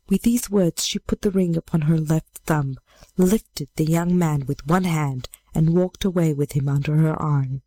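A woman reading a fairy tale aloud in a measured, steady way. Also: sits low, dry recording. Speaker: storyteller.

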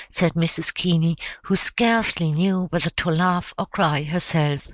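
A woman reads a story aloud at an unhurried, measured pace, her voice on the low side. The sound is close and dry, with no room around it. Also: fairly even intonation, no echo. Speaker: audiobook narrator. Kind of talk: scripted narration.

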